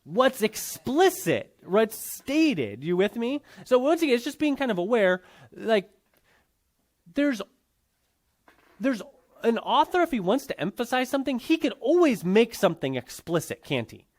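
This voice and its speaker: A man's voice: very high voice, big pitch swings, measured pace. A man teaching a Bible class in a conversational lecture style, often checking in with his students.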